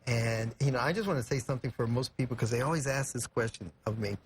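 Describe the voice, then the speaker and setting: A man's voice: mid-range voice, quick pace, slight background noise. A young man from California, a guest in a TV studio, telling an emotional story earnestly and reflectively, with many "you know" fillers. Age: young adult.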